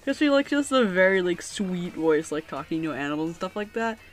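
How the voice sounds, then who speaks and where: A woman's voice: fairly low pitch, very animated, fairly quick, faint music behind. A woman giving casual, joking commentary as she plays a video game, often laughing and reading game text aloud. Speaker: video game let's player.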